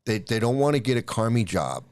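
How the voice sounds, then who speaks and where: A man's voice: fairly low pitch, very animated, brisk, darkish tone, clean tone, no room sound, studio quality. A middle-aged man giving an angry, profane commentary rant, repeating himself heatedly. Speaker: YouTube commentator.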